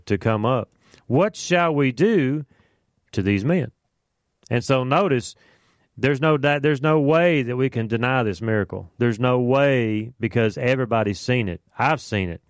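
A man's voice: medium pitch, smooth, no echo, studio quality. A man leading a casual Bible study, explaining scripture in a conversational way with fillers and asides.

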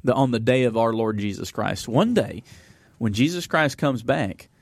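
A man's voice: medium pitch, moderate pace, gravelly, no echo, studio quality. A man hosting a Bible study, reading verses aloud and then explaining them in an easygoing way, with frequent fillers. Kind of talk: conversational Bible teaching.

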